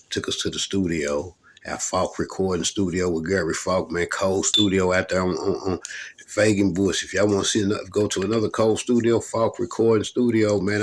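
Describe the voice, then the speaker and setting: A man's voice: deep voice, slight background noise. A middle-aged man from Louisville, a rapper, telling rambling, profane stories about his hip hop days in a laid-back, casual monologue. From Louisville, Kentucky.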